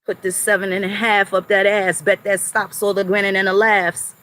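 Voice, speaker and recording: Here the adult host rants at chat and mods in a level, medium-pitched voice that sounds pushed and bright, moving at a moderate pace. The angry stream tirade is full of profanity and threats, recorded in low quality.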